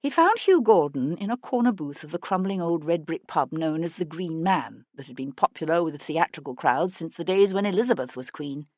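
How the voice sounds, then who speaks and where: A woman narrating a historical mystery audiobook in a measured, expressive storytelling manner, close to the mic. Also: deep voice, no echo. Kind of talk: scripted narration.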